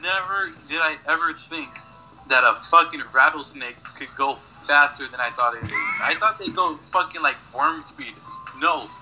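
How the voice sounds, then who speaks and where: Bright-voiced young man telling stories. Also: a little high, moderate pace, highs cut off, faint music behind. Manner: rambling, swears a lot, laughs at own stories. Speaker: podcast regular. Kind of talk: casual chat, storytelling.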